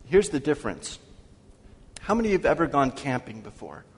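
Man, pastor, sermon, questions to the congregation, slow scripture reading, long hall reverb. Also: mid-range voice, big pitch swings, breathy edge.

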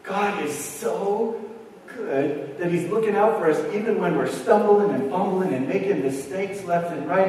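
Animated preacher man in an echoey hall. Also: sits high, measured pace, slight background noise. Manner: animated storyteller, acts out dialogue. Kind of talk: storytelling sermon. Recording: echoey hall recorded from far off.

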